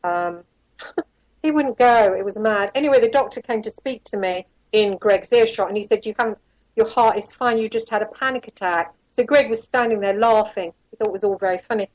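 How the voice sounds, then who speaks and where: A woman's voice: medium pitch, a little fast, dry recording, rough recording. A woman being interviewed, candidly telling a rambling personal story with asides and quoted dialogue. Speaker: interview guest, former private investigator.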